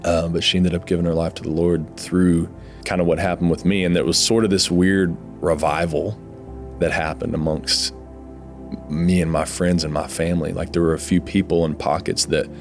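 A man telling his personal faith testimony in an earnest, emotional, halting way, often pausing on "like". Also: low-pitched, level tone, faint music behind. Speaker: guest sharing his testimony.

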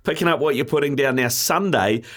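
A man, hosting a casual sports-betting chat, easygoing and quick to read out odds, who often says "mate". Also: medium pitch, a bit bright. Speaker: host.

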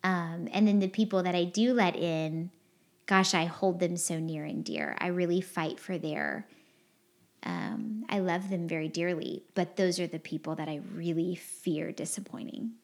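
A woman's voice: fairly low pitch, animated, unhurried. A woman hosting a podcast, sharing personal feelings in an earnest, rambling, heartfelt way with lots of fillers. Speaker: podcast host. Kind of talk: candid confessional podcast chat.

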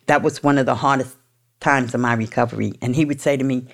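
A woman's voice: rumbling low, fairly even intonation, fast. A middle-aged woman from New York, a guest telling her own story in a blunt, swearing, streetwise way. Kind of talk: candid storytelling.

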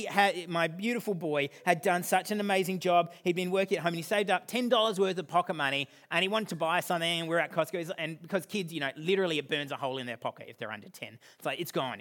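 A man in his thirties preaching a sermon in a fairly high voice. He is animated, pushing some points out loud and dropping others to a near-whisper. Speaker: pastor.

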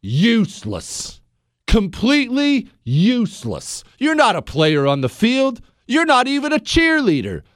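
A man's voice: very high voice, wildly swooping pitch, moderate pace, hardly any pauses, a bit bright, no echo. A man hosting a talk radio show, ranting with passion and sarcasm into a studio mic.

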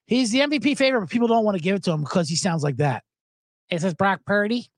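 A man hosting a casual sports podcast, talking in an animated, profane way and jumping between topics with loud mocking impressions. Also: sits high, very fast, dry recording, studio quality. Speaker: podcast host.

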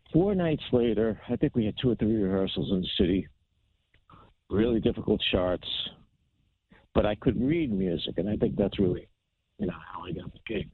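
A guest guitarist from New Jersey, United States, tells animated stories in an interview, acting out the voices of the people in them. His male voice is low, creaky and slightly rough, heard over a tinny phone line.

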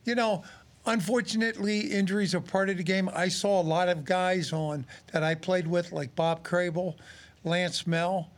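A man in his sixties with a noticeably high voice talks football in a relaxed studio chat. He is a former pro player turned radio analyst, and he tells his stories with lively acted-out quotes. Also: moderate pace. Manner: animated storyteller, acts out quotes. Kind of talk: casual sports talk.

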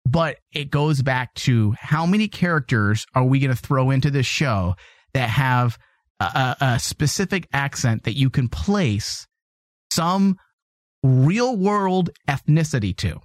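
A man's voice: mid-range voice, animated, a little slow, no echo, studio quality. A man co-hosting a casual podcast, talking emphatically and repeating points to stress them. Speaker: podcast co-host.

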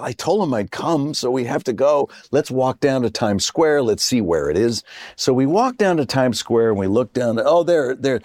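A man's voice: mid-range voice, darkish tone, no room sound, clean studio sound. A middle-aged man, an actor guest, telling a story in casual chat and acting out the voices of the people in it. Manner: acts out quoted voices, laughs mid-story.

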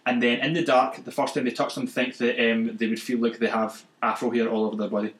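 A man's voice: mid-range voice, flat delivery, quick pace. A man co-hosting a casual chat podcast, joking and arguing his points. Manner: joking, argumentative. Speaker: podcast co-host. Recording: roomy echo.

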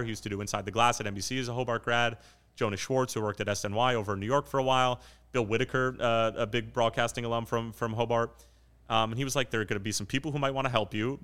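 This soccer play-by-play commentator, a twenty-something from New Jersey, talks fast and pokes fun at himself while telling stories in a relaxed podcast conversation. His mid-range voice comes across a bit bright.

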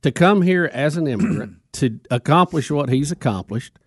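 A man co-hosting a casual talk show, easygoing and measured. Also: on the high side, animated, slightly rough, no room sound, studio quality. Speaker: co-host. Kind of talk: casual radio chat.

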